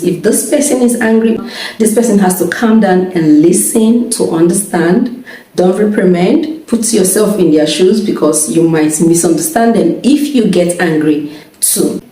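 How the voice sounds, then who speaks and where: A woman's voice: fairly low pitch, mellow. A young woman giving casual marriage advice. She checks in often with her listeners and laughs between points. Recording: echoey room, mic at a distance.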